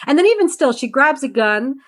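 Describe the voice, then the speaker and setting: A young woman co-hosting a casual movie review podcast, animated and swearing, acting out characters' lines. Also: high voice, fairly quick. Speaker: podcast co-host.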